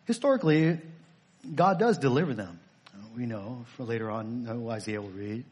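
A man's voice: medium pitch, brisk, slightly rough. A male pastor preaching a sermon, emphatic and repetitive, firing off rhetorical questions.

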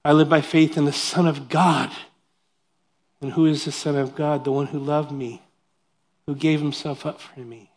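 A man preaching a sermon in a voice pitched a little above the usual male range. He reads scripture aloud and explains it verse by verse. He keeps things animated with joking, self-deprecating asides to the congregation. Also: moderate pace, long pauses. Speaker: pastor.

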